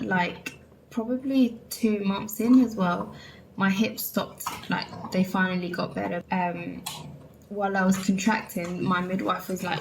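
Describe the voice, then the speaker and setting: A woman's voice: mid-range voice, slight background noise, low-quality recording. A young woman from England, chatting candidly to viewers and saying "like" and "literally" a lot. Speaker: vlogger. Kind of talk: casual chat.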